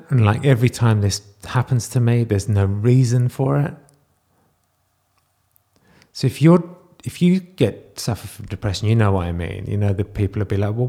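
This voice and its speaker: A man speaking in a raw, confessional video diary, close to tears, halting and restarting as he talks. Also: medium pitch, dark tone. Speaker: vlogger.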